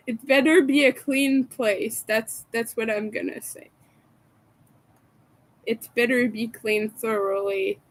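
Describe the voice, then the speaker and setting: A woman's voice: a little high, low-quality recording. A woman live-streaming while she crochets, chatting casually with viewers, laughing often and rambling through restarts. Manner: giggly, laughs often and hard. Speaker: crochet livestreamer.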